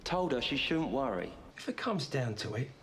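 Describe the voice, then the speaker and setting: A man telling a comic first-person story in a rambling, deadpan, confiding way. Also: medium pitch, moderate pace, slight background noise.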